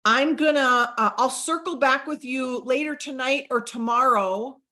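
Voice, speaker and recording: A middle-aged woman giving an energetic sales training talk to a group, coaching them and acting out sample chats. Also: high-pitched, measured pace.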